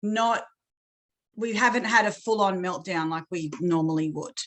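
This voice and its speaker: A woman's voice: mid-range voice, normal speed, fairly bright tone, rough recording. A woman talking openly to her coach in a chatty, self-deprecating way. Her voice sits in an ordinary middle range, and she breaks into laughter often as she tells her story. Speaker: coaching client. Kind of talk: candid personal chat.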